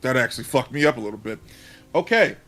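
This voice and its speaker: A man at mid pitch plays in a tabletop game, speaking casually and rambling with plenty of fillers as he talks in character. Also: lively intonation, fast talker, a bit bright, soft background music. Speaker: player.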